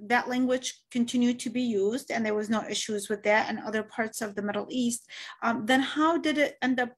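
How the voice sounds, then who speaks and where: A woman's voice: on the high side, steady tone, moderate pace. A woman hosting an interview, asking long questions with some hesitations.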